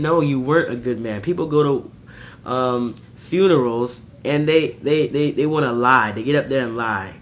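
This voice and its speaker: A man's voice: mid-range voice, a little slow, a little hiss or hum. A man delivering a blunt, fervent preaching monologue, repeating and restarting phrases as he builds his point. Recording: slightly muffled lo-fi recording.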